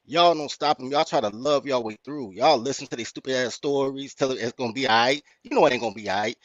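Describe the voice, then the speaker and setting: A man with a Chicago accent, hosting a podcast and telling a story in a blunt, profane, animated rant. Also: mid-range voice, fast, dry recording. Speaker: podcast host. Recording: dry, muffled lo-fi audio.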